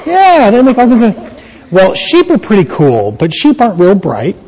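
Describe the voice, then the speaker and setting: A man's voice: high voice, wildly swooping pitch, moderate pace, darkish tone, muffled recording. A man pastor giving a playful children's sermon in a church, quizzing the kids with questions.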